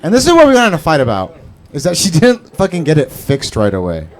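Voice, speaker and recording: A man doing a rambling, profane stand-up set on an open-mic stage, jumping into a squeaky high voice for scared bits. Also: wildly swooping pitch, fast talker. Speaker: stand-up comedian. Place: comedy club stage before a live audience.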